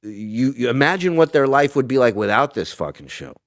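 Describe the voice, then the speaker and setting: A man, a comedian, telling profane stories in a casual interview and jumping into quick voices for the people in them. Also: medium pitch, dry recording, clean studio sound. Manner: profane, animated storyteller doing quick voices for people in his tales. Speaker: guest, comedian.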